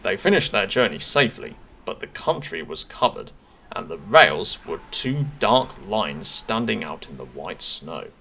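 Gravelly man reading a storybook. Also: on the low side, a little slow, a little hiss or hum. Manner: expressive, gently paced narration.

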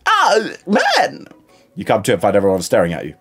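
A man streaming a game, reading the story aloud in an animated, playful way. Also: low voice, very fast, breathy edge, soft background music.

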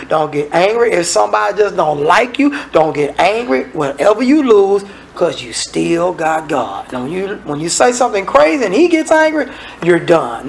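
Man, minister, sermon, high gravelly voice, animated. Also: a little hiss or hum, poor audio. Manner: animated, conversational preaching with dramatic asides.

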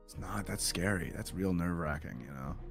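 A man's voice: a little fast, faint music behind. A man teasing his opponent in casual banter over a video game. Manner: teasing, playful, swings between low mumbles and loud whoops. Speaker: gamer.

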